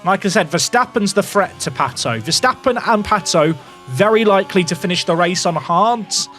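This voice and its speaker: A young man with a fairly high voice runs excitable live commentary on a racing game for his chat. He drops into nervous, muttered asides and then bursts into shouts, with faint music playing underneath. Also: normal speed. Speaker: gaming YouTuber.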